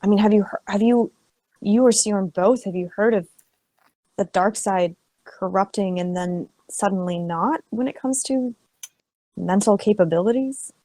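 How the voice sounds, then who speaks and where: A woman's voice: medium pitch, unhurried, mellow, no room sound, poor audio. A woman player talking in character in a tabletop game, asking questions and often restarting her sentences. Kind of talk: in-character roleplay chat.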